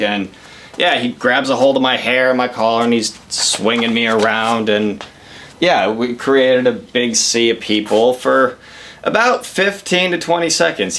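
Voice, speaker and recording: Young guy rambling through a sweary story, bright punchy voice. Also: mid-range voice. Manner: profane, rambling, with restarts. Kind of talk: casual comedic storytelling.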